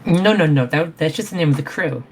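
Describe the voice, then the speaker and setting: A woman voicing a proud young female fox-like pirate castaway, indignant and pleading, in a low voice. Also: lively intonation, fairly quick, slightly rough, soft background music, full character voice. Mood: defensive. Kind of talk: in-character roleplay.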